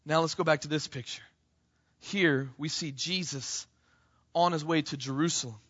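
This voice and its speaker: Man, preacher, high bright voice, impassioned sermon, slightly dull recording. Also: fairly even intonation, moderate pace. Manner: impassioned, rising to near shouts on quoted cries; addresses congregation as "church", frequent "right?". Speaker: pastor.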